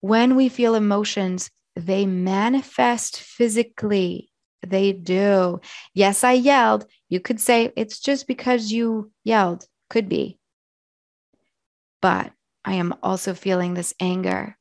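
Woman, hoarse, gravelly, soft and earnest, reflective monologue, dry close sound. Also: medium pitch, slow pace, dry recording. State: hoarse from yelling. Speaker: wellness coach.

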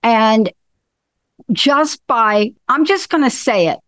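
Enthusiastic higher-voiced woman hosting a show. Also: animated, slow, fairly bright tone, no echo. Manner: enthusiastic, repeats and restarts phrases. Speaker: show host. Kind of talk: casual talk-show chat.

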